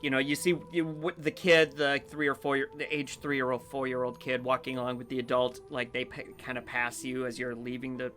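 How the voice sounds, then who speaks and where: A man's voice: medium pitch, level tone, brisk, few pauses, bright, forceful tone. A man narrating a tabletop game as game master, in a casual way with many fillers.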